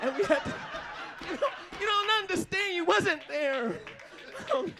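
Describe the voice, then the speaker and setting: A man does stand-up for a live audience, animated throughout, breaking into laughter between jokes and adopting funny put-on voices. He has a very high-pitched voice and talks slowly.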